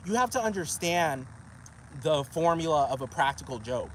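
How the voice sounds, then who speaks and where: A man venting in a heated, profane monologue, pausing again and again to ask whether you understand him, recorded on a phone outdoors in a parking lot. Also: fairly high pitch, slight background noise, low-quality recording. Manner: repeatedly asks "do you understand what I'm talking about?"; heated and profane, with rising emphasis. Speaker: vlogger. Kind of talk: agitated ranting monologue.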